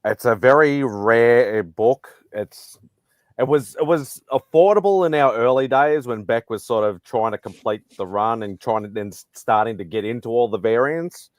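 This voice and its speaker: A man's voice: mid-range voice, moderate pace, no room sound, lo-fi sound. A man chatting casually on a video hangout, laid-back and matter-of-fact. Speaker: panelist. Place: home, joined by video call.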